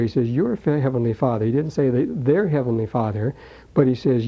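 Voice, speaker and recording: A man's voice: medium pitch, animated. Guy preaching a sermon, chatty and folksy, middle voice, kinda muffled old recording. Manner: folksy and conversational, slows to read scripture. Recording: dull lo-fi recording.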